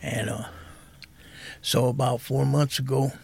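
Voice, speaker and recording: A soft-spoken man in his fifties, telling his own story candidly as a podcast guest. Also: medium pitch, little pitch movement, a little slow, creaky, husky.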